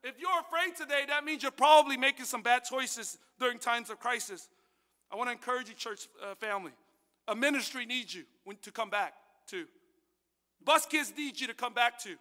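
High bright-voiced preacher in an echoey hall. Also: male voice, fairly quick. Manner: animated storytelling, swings from hushed to loud. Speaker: pastor. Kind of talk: sermon with personal testimony.

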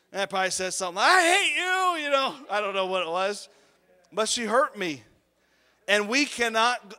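A man preaching a sermon, telling a personal story in an animated way with sudden swings in volume. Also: high voice, smooth. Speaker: pastor. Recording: long hall reverb.

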